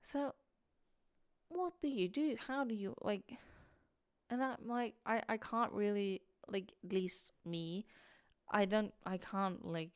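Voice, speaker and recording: A woman's voice: medium pitch, smooth, no echo, clean studio sound. A tired young woman with a British-tinged accent, chatting casually and rambling on a late-night livestream, full of restarts and fillers. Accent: British-tinged English. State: sleepy, tired. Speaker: streamer.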